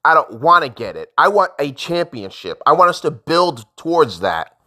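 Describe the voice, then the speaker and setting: A man ranting casually as a sports fan vlogger, frustrated, jumping between loud outbursts and low mutters. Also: big pitch swings, normal speed.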